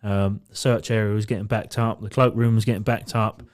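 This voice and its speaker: A man's voice: fairly low pitch, fairly quick. Sweary man telling a story. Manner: swears freely, animated storytelling. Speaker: podcast co-host. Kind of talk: casual storytelling chat.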